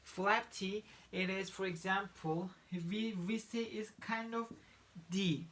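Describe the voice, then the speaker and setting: A man from Turkey with a Turkish accent, a native Turkish speaker teaching English pronunciation in a halting way, with many restarts. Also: high voice, fairly even intonation, a bit bright. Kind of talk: online lesson.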